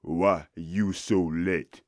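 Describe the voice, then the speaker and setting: A gruff, dim-witted warrior guard in an audiobook, as a man puts him on, growling slow and suspicious in broken speech with a thick accent. The voice sits very deep and dark. It is close and dry, with no room around it. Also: expressive, no room sound, full character voice.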